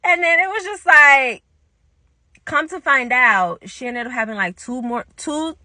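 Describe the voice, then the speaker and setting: A young woman tells a story in a casual monologue. She talks in an animated way, acts out the quoted lines and swears now and then. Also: high-pitched, unhurried, no echo. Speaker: vlogger telling a story.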